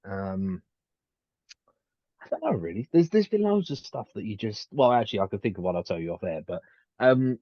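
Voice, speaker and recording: Low-voiced man, muffled dry recording. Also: sing-song, moderate pace, long pauses, no echo. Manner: rambling, many restarts and fillers. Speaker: podcast co-host. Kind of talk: casual chat. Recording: dull dry lo-fi mic.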